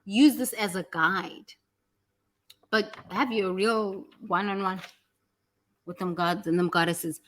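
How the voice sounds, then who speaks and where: Woman giving a blunt casual spiritual talk, bright sharp voice, swears a lot. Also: mid-range voice, slow pace, long pauses, slight background noise. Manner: animated, blunt, swears freely, acts out other people's words. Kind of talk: casual motivational teaching talk.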